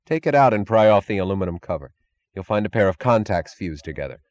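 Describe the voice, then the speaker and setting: Man doing brusque engineer, competent, breathless, low, audiobook. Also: expressive, fast, darkish tone, dry recording, lo-fi sound, natural voice. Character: calm, competent male engineer. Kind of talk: audiobook character voice.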